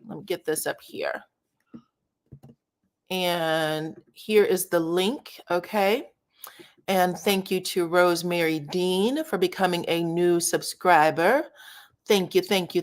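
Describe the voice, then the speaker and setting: A woman hosting a casual live stream, chatting with viewers and thanking subscribers as she reviews a new show. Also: on the low side. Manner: chatty, addresses viewers as y'all and child. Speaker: livestream host of reality show commentary.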